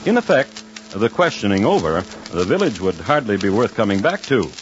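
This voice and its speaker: A man's voice: fairly low pitch, big pitch swings, moderate pace, slight background noise. A man narrating an old radio drama as a wry storyteller. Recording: dull lo-fi old radio recording with music.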